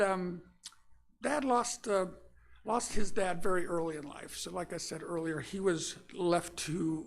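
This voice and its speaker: In a church sanctuary, an older Florida man preaches a sermon built on personal stories, speaking in a high-pitched, creaky voice. His delivery is easygoing and folksy, with frequent filler-laden pauses.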